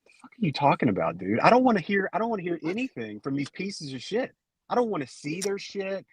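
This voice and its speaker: Angry, husky, fast-talking man. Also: high-pitched, very animated, no echo, rough recording. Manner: angry, mocking, profane. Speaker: caller. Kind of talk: heated online argument.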